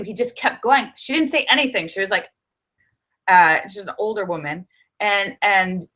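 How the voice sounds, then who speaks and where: A middle-aged woman chatting on her livestream, telling a story and acting out what people said. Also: medium pitch. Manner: chatty storytelling, animated when quoting people. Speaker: livestream host. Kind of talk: casual livestream chat. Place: her home in Los Angeles.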